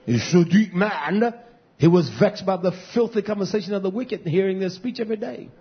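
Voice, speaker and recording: A high-voiced, husky man preaches a fiery sermon as pastor. He swings from low, muttered lines to shouted, high-pitched cries. The sound is dull and lo-fi. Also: animated, brisk.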